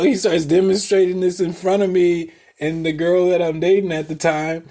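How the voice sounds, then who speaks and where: A man's voice: high voice, little pitch movement, moderate pace, hardly any pauses, warm tone. A young man, a podcast host, telling a loose, profane story in casual chat and laughing as he goes. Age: young adult.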